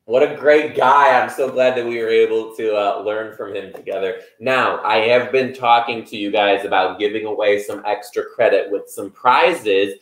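Playful male host, deep voice, roomy sound. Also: normal speed, few pauses. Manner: playful, animated hosting. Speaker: livestream host and teacher comedian. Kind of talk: hosted livestream. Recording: roomy echo.

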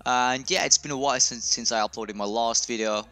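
Brief: young male YouTuber, casual joking commentary, bright tone, mid pitch. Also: fairly quick, soft background music. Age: young adult. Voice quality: chatty, jokey, laughs often. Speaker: gaming YouTuber.

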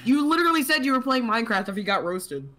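A man's voice: very high voice, sing-song, fast talker, bright, forceful tone, slight background noise. A young man on a podcast, in blunt, crude casual banter with friends. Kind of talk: casual chat.

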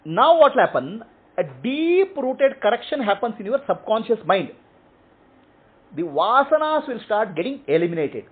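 High-voiced man teaching, phone-line sound. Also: very animated, moderate pace, slightly rough. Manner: explains in short repeated phrases, checking with "okay?". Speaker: spiritual teacher. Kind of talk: teaching answering questions. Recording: tinny phone-like audio.

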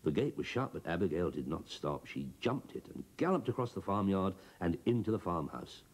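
Husky, low-voiced male storyteller. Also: brisk. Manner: expressive, bouncing between character voices. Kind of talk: scripted children's storybook narration.

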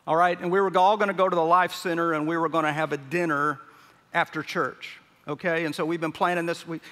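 Bright-voiced pastor preaching in a hall. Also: male voice, high voice. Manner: storytelling with acted-out voices. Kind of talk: sermon. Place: large church sanctuary. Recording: long hall reverb.

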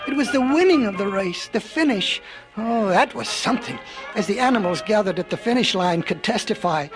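A man's voice: high voice, animated, a little fast, music in the background. A man narrating a storybook record in a folksy way, with rambling asides.

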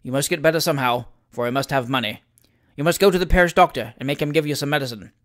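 A bitter drunken old father with a gruff, snapping manner, voiced by a man reading aloud. The voice is fairly high, and the lines come out quick and sharp. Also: natural voice.

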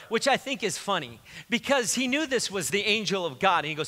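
A man's voice: sits high, big pitch swings, brisk, hardly any pauses, sharp tone. A male pastor preaching a sermon in a conversational, joking way as he retells scripture. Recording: reverberant hall.

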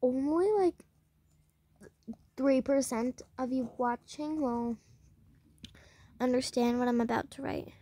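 A woman's voice: high-pitched, slow, long pauses, dark tone, no room sound. A young woman giving casual, rambling commentary while playing a game, talking to the game and her viewers. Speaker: gameplay vlogger.

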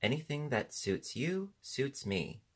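A man reading an audiobook, voicing a humble, bewildered wooden saw-horse that asks slow, wondering questions. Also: mid-range voice, big pitch swings, fairly bright tone, husky, pitched above the performer's own voice, full character voice.

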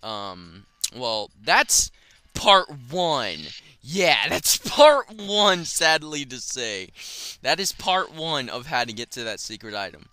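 A young man giving casual let's play commentary, profane and excitable, shouting when he fails. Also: a little high, slow pace, smooth, no echo. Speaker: gaming commentator.

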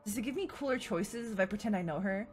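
A woman streaming a game, reacting loudly with quick jokes and frequent bursts of excitement. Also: mid-range voice, slightly rough, faint music behind. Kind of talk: live gameplay commentary.

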